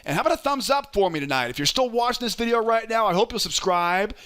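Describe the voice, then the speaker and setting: A man hosting a trading lesson, walking through charts in an energetic, coaching way and often checking in with "right?". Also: high voice, fast talker. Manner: energetic, keeps asking "right?"; coaching, urges patience. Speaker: trading educator and host.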